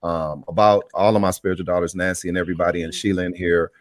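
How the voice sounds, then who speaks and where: A man's voice: deep voice, level tone, fast, dry recording. A pastor preaching on a live church broadcast, exhorting his people and repeating phrases as he calls out to the room.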